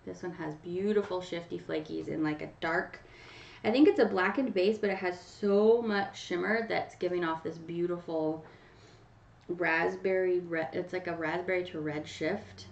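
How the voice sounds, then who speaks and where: A woman's voice: on the low side, fairly even intonation, normal speed, creaky. Chatty woman live-streaming in an echoey room. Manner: chatty, addresses viewers by name. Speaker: livestream host running a nail polish giveaway. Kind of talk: casual live chat to viewers. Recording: roomy, distant, dull home mic.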